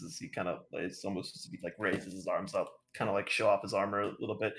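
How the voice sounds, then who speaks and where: A man's voice: sits low, fairly even intonation, quick pace, creaky, hardly any pauses, fairly bright tone, soft background music. A man running a tabletop game as dungeon master, narrating loosely with lots of fillers.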